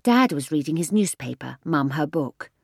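A woman narrates a children's story in the first person, dropping now and then into a whisper. Her pitch sits a little low but moves a lot, with a husky, breathy grain. The studio recording is close and dry. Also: normal speed, no echo. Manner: expressive, hushes into whispers. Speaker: audiobook narrator.

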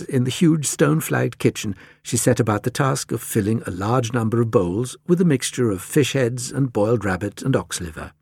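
A man reading a children's story aloud as the narrator, with expressive storytelling. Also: normal speed, vocal fry, few pauses, husky, dry recording, studio quality. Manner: expressive storytelling with lively pitch. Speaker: audiobook narrator. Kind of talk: scripted narration.

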